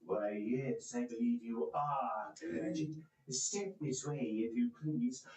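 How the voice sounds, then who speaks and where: A man voicing a gruff old miser who has turned jovial, growling in mock anger, in an echoey room. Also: medium pitch, takes it slowly, a little mellow, voice pushed down, natural voice. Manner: growling then gleeful.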